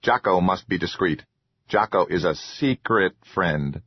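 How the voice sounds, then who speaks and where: A man voicing a small, excitable, childlike male troll who talks about himself in the third person in a high, eager voice. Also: a little slow, husky, no echo, dull audio.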